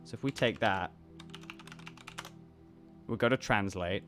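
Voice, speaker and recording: This fairly low, slightly bright male voice takes it slowly and pauses often, with faint music in the background. A YouTuber and voice actor in his twenties with a British-American accent, he reads comments aloud and reacts in a rambling, casual chat, often restarting sentences.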